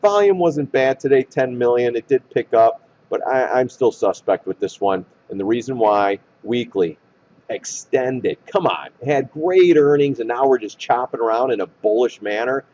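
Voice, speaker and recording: Hoarse man talking stock charts. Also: medium pitch, normal speed, a little hiss or hum. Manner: animated, blunt, trader slang. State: hoarse, losing voice. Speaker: stock market commentator. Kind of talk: chart analysis talk. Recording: dull lo-fi recording.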